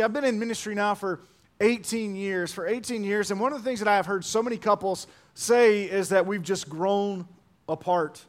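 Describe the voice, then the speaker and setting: A middle-aged man preaching a sermon as pastor, animated and joking, repeating key phrases for emphasis. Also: high-pitched.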